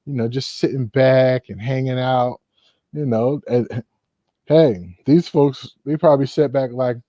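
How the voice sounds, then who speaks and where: A man's voice: medium pitch, unhurried, dark tone, no echo. A man hosting a casual commentary, rambling with many fillers. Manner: rambling, full of "you know" fillers. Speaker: host. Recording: dull, lo-fi.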